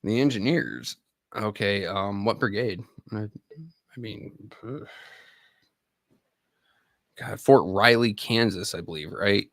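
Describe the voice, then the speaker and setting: A man's voice: lowish voice, expressive, slow, long pauses, fairly bright tone, dry recording, clean studio sound. A man in his thirties, an army veteran hosting a live stream, rambling and profane as he chats straight to viewers. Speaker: livestream host and army veteran. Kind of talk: casual live-stream chat.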